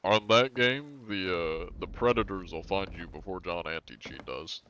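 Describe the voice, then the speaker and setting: Deep-voiced male streamer, easygoing and rambling, faint hiss. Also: normal speed, pushed and bright, muffled recording. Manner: rambling, laid-back, chuckling asides. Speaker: game streamer. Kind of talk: casual live-stream chat.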